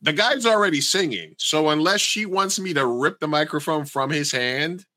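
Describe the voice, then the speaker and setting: A man's voice: a little high, normal speed, pushed and bright, no echo. A man casually telling a long story on a podcast, swearing freely and acting out the people he quotes. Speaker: podcast co-host.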